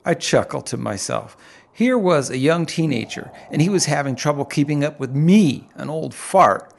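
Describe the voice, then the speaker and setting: Middle-aged male audiobook narrator, slightly high, gravelly texture, unhurried descriptive read. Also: animated, a little hiss or hum. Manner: vivid, unhurried, descriptive storytelling. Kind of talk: first-person audiobook narration.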